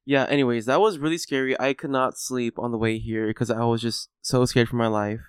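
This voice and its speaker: A young man co-hosting a podcast in casual chat, quick to laugh and a little defensive. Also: medium pitch, steady tone, smooth, no echo, studio quality. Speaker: podcast co-host.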